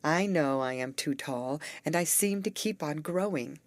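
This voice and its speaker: A woman's voice: low-pitched, no echo. A woman reading as a faltering, tearful teenage girl. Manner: faltering, halting.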